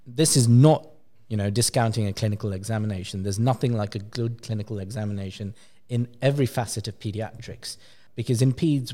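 A man, a pediatric clinician, explaining a research paper in a journal club discussion with lively emphasis and frequent fillers. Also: fairly low pitch.

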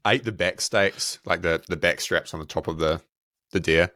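Deep-voiced New Zealand man, chatty. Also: moderate pace, pushed and bright, no echo, clean studio sound. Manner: loose and rambling, with many fillers. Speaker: podcast co-host. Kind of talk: casual chat.

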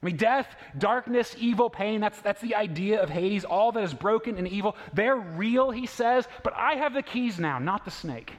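Male pastor, 30s-40s, high voice; casual, story-driven sermon full of questions; recorded in a big reverberant sanctuary. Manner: conversational storytelling with rhetorical questions. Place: church sanctuary. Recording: long reverb of a large church hall.

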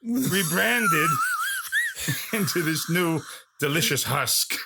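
A man's voice: sits high, wildly swooping pitch, drawn-out words, vocal fry, heavy background noise, exaggerated voice. A man doing an impression of a brash older male movie star over a phone call, profane and rambling as he spins a story. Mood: playful. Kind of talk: comedy podcast impression.

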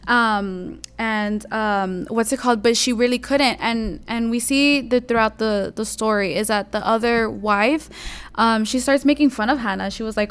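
A woman's voice: on the high side, moderate pace, clear, resonant tone. A young woman co-hosting a faith podcast, retelling a Bible story in a rambling way with many restarts. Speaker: podcast co-host. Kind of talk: casual faith discussion.

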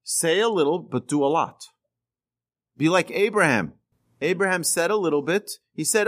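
A man's voice: a little high, lively intonation, moderate pace, fairly bright tone. A man speaking as a rabbi, giving a teaching talk in an emphatic style, repeating and restarting phrases and pushing his voice up on key words. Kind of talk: teaching talk on speech and ethics.

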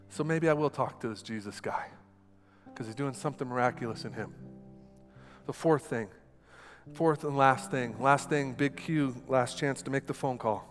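A man preaching a sermon in a church, talking in an animated, conversational way while he acts out a scene with a volunteer on stage. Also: mid-range voice, normal speed. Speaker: pastor. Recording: long hall reverb with faint music.

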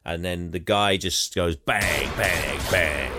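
A man, co-hosting a casual chat and retelling film scenes with quick acted-out quotes and frequent laughs. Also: deep voice, noisy background. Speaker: podcast co-host recapping a film.

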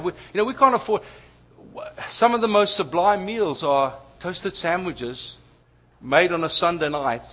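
A man preaching a sermon, telling family stories with lively asides to the audience. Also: fairly high pitch. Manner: storytelling, animated asides to the audience. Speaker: pastor.

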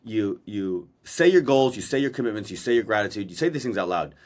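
A man's voice: on the low side, expressive, brisk, darkish tone. A man co-hosting a podcast in casual chat, blunt and profane, a self-described verbal processor talking over a video call. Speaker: podcast co-host. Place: Maui.

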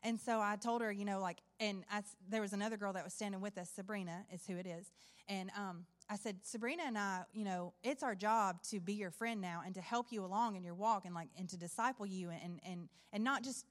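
A woman's voice: medium pitch, brisk. A woman giving a personal testimony in church, telling her story earnestly and acting out what was said. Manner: earnest storytelling, acts out quoted dialogue. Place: church sanctuary. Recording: long hall reverb.

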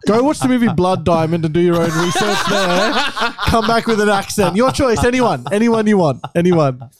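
A man's voice: high-pitched, animated, moderate pace, crowd noise. A young man co-hosting a podcast, telling stories between laughs and swearing often. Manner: laughing storyteller, swears a lot. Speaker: podcast co-host. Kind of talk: casual podcast banter. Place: hotel podcast room.

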